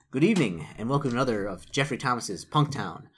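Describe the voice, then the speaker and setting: A man's voice: medium pitch, animated, fast talker, breathy edge. A man with a cold, running a tabletop game as game master, rambling with lots of fillers. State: groggy from a cold. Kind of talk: casual tabletop game chat.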